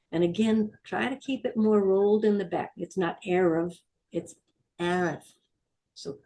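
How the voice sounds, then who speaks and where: A middle-aged woman leads a Hebrew vocabulary lesson, repeating each word with patient call-and-repeat drills. Her voice sits low and mellow, and she speaks slowly and deliberately for learners to follow. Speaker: Hebrew teacher.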